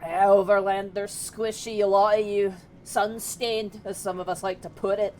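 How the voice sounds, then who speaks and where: A woman voicing a gruff, dismissive male duergar guard in a tabletop game. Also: medium pitch, level tone, normal speed, darkish tone, slight background noise, natural voice.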